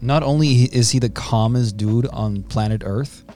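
A man's voice: medium pitch, measured pace, warm tone, faint music behind. A man co-hosting a podcast in casual chat, joking and laid-back, using lots of slang. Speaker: podcast co-host.

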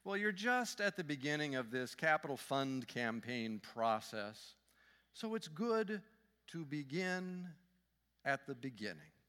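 A man's voice: a little high, very animated, measured pace, pushed and bright, clear, resonant tone, big-room sound. A man giving a guest sermon in a church in a friendly, joking, conversational manner. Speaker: guest speaker, fundraising consultant. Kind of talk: sermon with humor. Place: church sanctuary.

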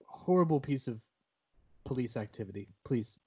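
A man's voice: medium pitch, expressive, normal speed, mellow, breathy edge. A man co-hosting a podcast about a film, talking casually with a wry, profane tone and mock-formal announcements. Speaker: podcast co-host.

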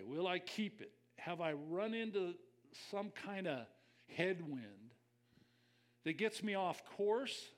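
An older man preaching a conversational sermon as a pastor, reflective and personal, speaking straight to his listeners. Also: a little high.

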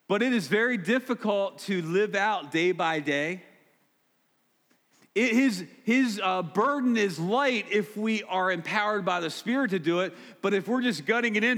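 A man's voice: high-pitched, lively intonation, moderate pace, fairly bright tone. A man preaching a sermon as pastor, direct and emphatic, repeating key points. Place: church sanctuary. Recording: long hall reverb.

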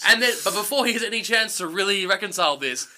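A man's voice: high-pitched, quick pace, crowd noise. A man, casually recapping a film with a co-host and slipping into silly voices for the characters. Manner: animated, putting on silly character voices for quotes. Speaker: podcast co-host. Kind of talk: casual movie recap chat.

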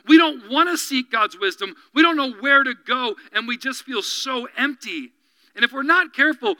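Bright high-voiced male preacher. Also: dry recording, poor audio. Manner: animated preaching, dropping to quiet intense asides; acts out quoted voices and dialogue. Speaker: pastor. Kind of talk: sermon.

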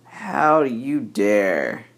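A man voicing an indignant grown man who scolds a stranger, slow and emphatic. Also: medium pitch, big pitch swings, fairly bright tone, heavily acted.

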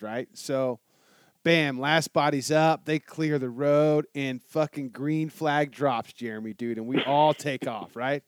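A man's voice: mid-range voice, takes it slowly, dry recording. Swearing storyteller man, dry close sound. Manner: animated storytelling, heavy swearing and "dude". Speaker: guest telling a travel story. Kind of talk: casual chat.

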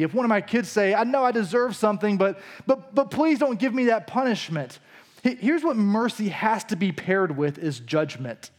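Man, pastor, high-pitched voice, conversational sermon, casual storytelling. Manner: casual teaching tone with frequent restarts and storytelling asides.

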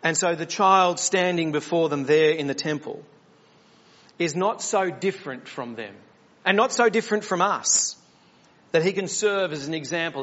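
A man's voice: sits high, fairly bright tone, lo-fi sound. A man preaching a sermon as the church pastor, earnest and questioning, often restarting his words.

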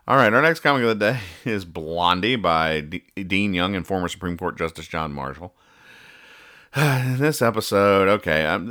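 A man's voice: on the low side, sharp tone. A man hosting a casual podcast, dryly and sarcastically explaining comic strip jokes. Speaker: podcast host.

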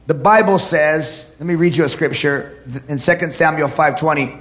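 A man preaching a sermon to his congregation, building up to shouted declarations. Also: fairly high pitch, moderate pace. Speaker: pastor.

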